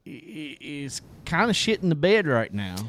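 A man co-hosting a podcast in casual sports chat, relaxed and prone to restarts. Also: fairly high pitch, moderate pace, no echo. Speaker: podcast co-host.

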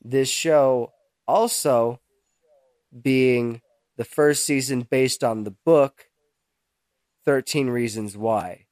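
A young man co-hosts a casual chat in a very slow, halting ramble, stopping often to search for words. His voice is plain and mid-pitched, recorded dry and close. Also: a little mellow, no echo. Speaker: podcast co-host.

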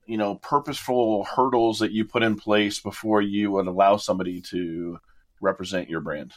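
A man's voice: fairly low pitch, fairly even intonation, normal speed. A man hosting a podcast, asking loose, rambling interview questions. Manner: casual, rambling with restarts. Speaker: podcast host.

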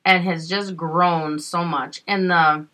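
A woman's voice: on the low side, steady tone, slow, pushed and bright. A middle-aged woman co-hosting a podcast in casual chat, chatty, laughing often and swearing freely. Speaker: podcast co-host.

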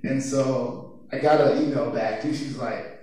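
A man's voice: mid-range voice, a little slow, dark tone. A young man in college giving a casual, chatty youth sermon, telling personal stories and laughing now and then. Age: young adult. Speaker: youth speaker. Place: church youth room. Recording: echoey room from far off, faint noise.

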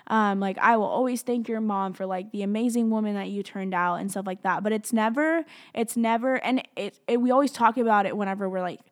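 A woman's voice: medium pitch, a little fast, hardly any pauses. Young woman, vlogger; open, emotional storytelling with many fillers. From outside the US. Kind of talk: personal storytelling to camera.

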